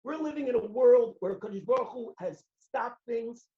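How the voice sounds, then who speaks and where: Animated rabbi telling stories, roomy lo-fi. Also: male voice, very high voice, moderate pace. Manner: animated storyteller, acts out voices, shouts at peaks. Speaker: rabbi giving a talk. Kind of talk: sermon with stories. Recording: roomy, dull lo-fi recording.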